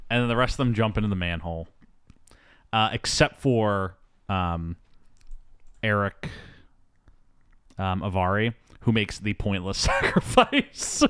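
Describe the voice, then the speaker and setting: A man hosting a movie podcast, retelling the plot in an animated, jokey way. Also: fairly low pitch, unhurried, pauses often, clean tone, no room sound, studio quality. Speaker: podcast host. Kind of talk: casual movie chat.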